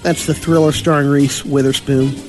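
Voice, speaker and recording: A man's voice: a little high, flat delivery, moderate pace, darkish tone, faint music behind. A man co-hosting a radio talk show, running through entertainment news with dry teasing. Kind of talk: casual banter.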